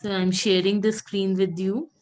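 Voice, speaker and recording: A woman's voice: mid-range voice, little pitch movement, normal speed, darkish tone. A woman teaching French pronunciation in an online class, patiently repeating words for her students over a video call.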